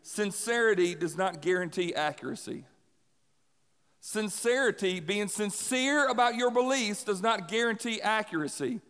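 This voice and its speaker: A young adult man preaching a sermon in a casual, energetic way, repeating key lines for emphasis. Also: high voice, normal speed, smooth. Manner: energetic, conversational, emphatic repetition. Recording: long hall reverb.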